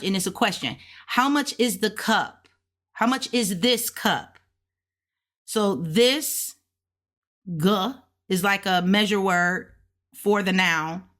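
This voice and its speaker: A woman reviewing beginner flashcards out loud, thinking aloud in a relaxed, colloquial way and slowly repeating words to practise them. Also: mid-range voice. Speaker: language learner reviewing flashcards. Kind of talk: casual self-study walkthrough.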